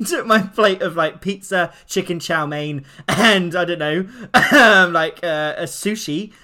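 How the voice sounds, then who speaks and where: A man's voice: sits high, measured pace. A man, co-hosting a casual podcast chat and telling a funny story animatedly, laughing as he goes. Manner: animated, laughs through his story, acts out quoted lines. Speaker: podcast co-host.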